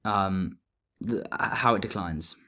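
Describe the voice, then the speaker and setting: A man explaining grammar in a relaxed lesson, thinking aloud as he writes notes. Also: sits low, slow. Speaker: teacher.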